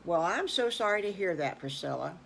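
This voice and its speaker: A woman's voice: on the low side, expressive, fairly quick, vocal fry, a little hiss or hum. An older woman voicing a kindly old male farmer who speaks in an easygoing, folksy way. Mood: sympathetic.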